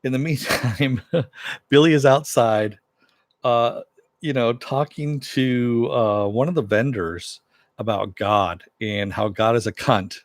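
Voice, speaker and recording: A man's voice: mid-range voice, slow, dry recording. A man giving a casual recap of a TV episode, retelling it loosely with fillers and asides. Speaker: TV episode reviewer.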